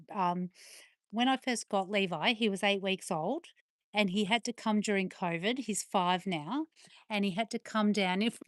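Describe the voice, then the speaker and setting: A middle-aged Australian woman chats with viewers in a relaxed, affectionate way and now and then coos at her dogs. Her voice sits at an ordinary pitch. The sound is dry and close, with no room echo. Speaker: livestream host. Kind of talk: casual chat with viewers. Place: home with dogs, indoors.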